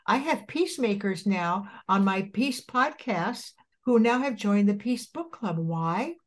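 An older woman hosting a podcast over a video call, gushing and preachy in an enthusiastic interview chat. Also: mid-range voice. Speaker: podcast host.

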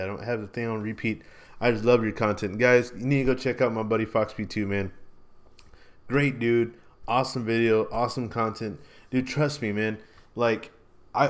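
A man hosting a casual podcast, talking in a rambling, laid-back way and tacking "man" and "bro" onto his lines. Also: lowish voice. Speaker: podcast host.

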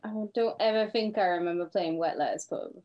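A woman's voice: fairly low pitch, fairly quick, highs cut off. A woman from northern England with a Penrith accent, co-hosting a casual podcast, blunt and profane in her talk. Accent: Cumbrian (Penrith). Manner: blunt and profane, laughs easily. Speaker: podcast co-host.

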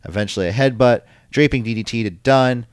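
A man's voice: medium pitch, a little fast, clean tone, dry recording. A man hosting a casual podcast, rambling through a recap with lots of ums and likes. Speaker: podcast host recapping wrestling. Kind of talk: casual chat.

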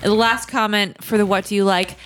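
A woman's voice: mid-range voice, steady tone, brisk, noisy background. A woman co-hosting a casual podcast, playful and often giggling, reading a listener letter. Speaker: podcast co-host.

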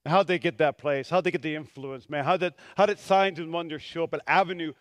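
A pastor preaching a sermon, a man who swings from quiet to shouted and drops joking asides to the congregation. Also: a little high, steady tone, fairly quick, no room sound.

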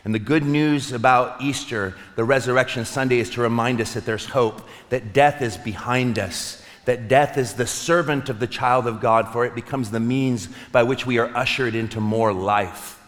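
A man preaching an Easter sermon as pastor, earnest, slowing and softening on heavy words. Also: medium pitch. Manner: earnest, with soft slowed pauses. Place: church sanctuary. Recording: long reverb of a large hall.

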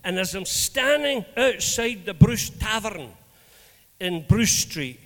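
Scottish preacher guy, high voice, lively storytelling sermon, big echoey church hall. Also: slow. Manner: animated, acts out dialogue in anecdotes. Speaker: minister.

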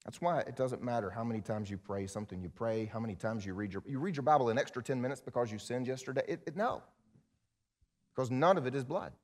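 A male pastor preaching a sermon in an animated way, acting out quoted voices, then leading a prayer. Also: medium pitch, fast talker.

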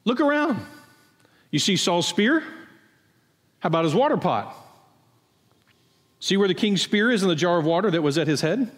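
A man's voice: high voice, sing-song, moderate pace, long pauses, big-room sound. A man preaching a sermon, explaining a passage in a conversational way and asking his listeners pointed questions. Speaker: pastor. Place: church sanctuary.

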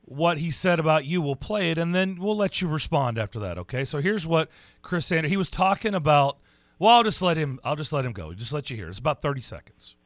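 A man hosting a sports radio show, chatting with a guest in a playful, drawn-out way. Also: fairly high pitch, animated, no echo, studio quality.

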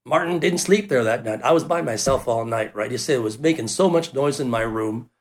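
A man's voice: mid-range voice, a little fast. A man telling a personal story in a loose, casual way, with lots of fillers, who acts out the people he quotes. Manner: animated, acts out the quoted voices; loose and rambling, with fillers like "you know".

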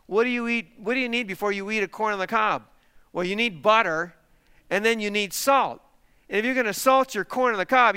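Male pastor, high clear voice, emphatic sermon delivery, rhetorical questions. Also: pushed and bright.

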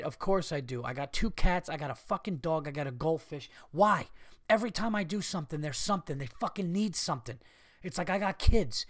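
A man's voice: on the high side, fairly bright tone, no room sound, studio quality. A man in his thirties with an American accent, hosting a podcast in a casual comedic monologue, ranting and swearing with exasperation. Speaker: podcast host.

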